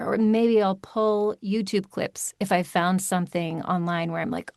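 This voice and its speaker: A woman audiobook narrator talking in a podcast interview, animated and emphatic with quick asides. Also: mid-range voice, vocal fry, no room sound, studio quality.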